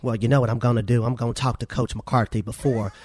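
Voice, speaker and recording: A man's voice: mid-range voice, fairly even intonation, fast talker, a little mellow, pitched below the performer's own voice, natural voice. A man doing a folksy team owner voice. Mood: boastful. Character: folksy older male football team owner.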